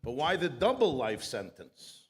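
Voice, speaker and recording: A man's voice: medium pitch, huge pitch swings, unhurried. A man voicing a puzzled Jewish prisoner in a joke, protesting his sentence in a plain, bewildered way.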